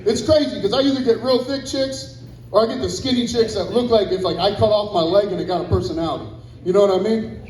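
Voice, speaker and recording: A man's voice: high-pitched, fast, a little mellow, slight background noise. A young man doing a crude stand-up set at a club on a handheld mic, rambling and profane, with asides to the crowd. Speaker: stand-up comedian. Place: comedy club stage. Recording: roomy club echo.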